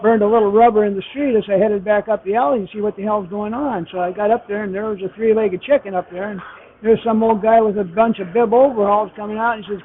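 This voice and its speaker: Older male comedy host, very high pitch, folksy rambling joke-teller, tinny phone-like audio. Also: fast talker, slight background noise. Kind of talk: joke telling. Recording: tinny phone-like radio sound.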